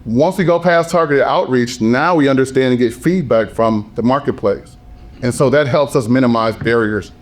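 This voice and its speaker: A man speaking on a business panel, his voice hoarse, talking with emphatic passion and repeated phrases. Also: medium pitch, moderate pace. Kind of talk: panel talk.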